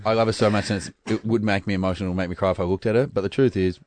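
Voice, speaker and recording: A man's voice: on the low side, steady tone, rapid-fire, darkish tone, dry recording. Joking male radio host. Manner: joking, teasing, laughs often. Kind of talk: casual radio banter. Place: radio studio.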